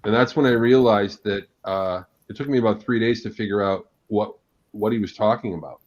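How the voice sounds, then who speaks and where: A man, a guest agile coach, telling an animated anecdote during a live panel talk. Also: fairly low pitch, a little fast. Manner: animated, vivid anecdotal delivery. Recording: dull lo-fi sound.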